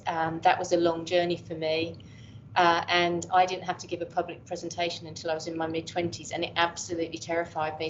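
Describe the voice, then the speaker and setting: Low-voiced English woman in her fifties. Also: slight background noise. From England. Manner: candid, chatty, self-deprecating. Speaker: professor guest. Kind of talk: reflective casual interview talk. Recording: dull lo-fi audio.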